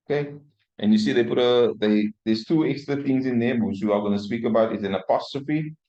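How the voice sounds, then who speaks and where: A man's voice: mid-range voice, a little fast, a little mellow. A man teaching a classroom lesson in a church hall, explaining patiently and often checking in with "right?" or "no?". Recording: echoey dull lo-fi room recording.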